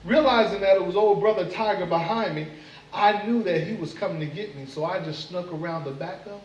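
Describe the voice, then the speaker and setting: A man voicing a swaggering male moth bragging about a wild tale, animated with growled sound effects. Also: sits high, fairly quick, lo-fi sound, lightly acted. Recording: echoey room, mic far off.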